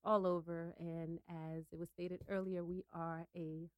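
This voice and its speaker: Woman guest, friendly explainer, low resonant voice. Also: level tone, a little slow, no echo. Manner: friendly, explains with small restarts. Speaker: guest, business owner. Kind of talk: podcast guest chat.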